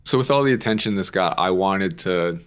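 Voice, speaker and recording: A young man with a lowish voice talks through a podcast in loose, easy chat. He rambles and fills his sentences with "like" and the odd swear word. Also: expressive, a little fast, fairly bright tone. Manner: chatty, rambling, with frequent "like" and casual swearing. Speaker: podcast co-host. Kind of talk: casual chat.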